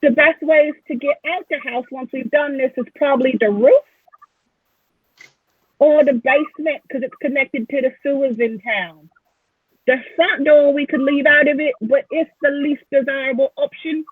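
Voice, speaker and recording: A woman's voice: high-pitched, steady tone, moderate pace, dry recording, pitched above the performer's own voice, lightly acted. A woman voicing a plucky halfling girl thief who lays out a heist plan in chatty, slangy talk. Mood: scheming. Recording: tinny phone-like line.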